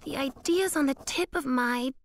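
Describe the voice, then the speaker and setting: Nettie, an excitable yeti. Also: female voice, high voice, normal speed. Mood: excited. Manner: lively, excitable. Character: eager female yeti filmmaker. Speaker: cartoon character. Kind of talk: kids cartoon voice acting. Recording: cartoon soundtrack with music.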